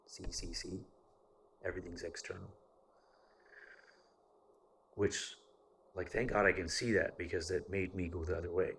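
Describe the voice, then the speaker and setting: A man's voice: low voice, flat delivery, moderate pace, gravelly, long pauses, a bit bright, slight background noise. A man from the United States telling a personal story in a casual, rambling monologue, swearing often. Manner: profane and rambling, with frequent fillers. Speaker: vlogger.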